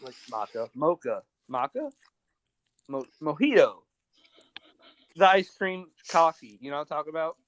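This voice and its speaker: A man's voice: fairly high pitch, animated, moderate pace. A young man hosting a podcast, telling stories in a rambling, profane, casual way. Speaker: podcast host. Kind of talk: casual chat.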